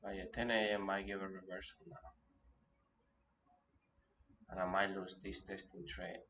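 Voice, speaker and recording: A man with a lowish voice talks himself through a live trading session, thinking aloud and restarting his sentences. The audio is dull and lo-fi, with a faint hiss underneath. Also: little pitch movement, bright, forceful tone. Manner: thinking aloud, self-coaching, halting restarts. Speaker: day trader.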